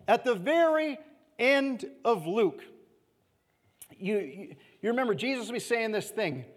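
A high-voiced male pastor delivers a sermon in an easygoing, conversational style, frequently asking "okay?" and letting key phrases fade almost to silence. The long reverb of a church hall makes his voice ring out.

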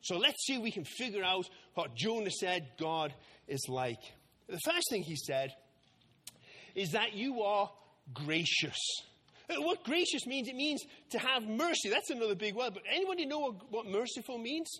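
A man tells a Bible story to a group of children, playing out the characters as he goes. His voice sits very high and bright. The delivery is animated, with lots of swing in pitch. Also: moderate pace, slightly rough. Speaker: children's talk leader.

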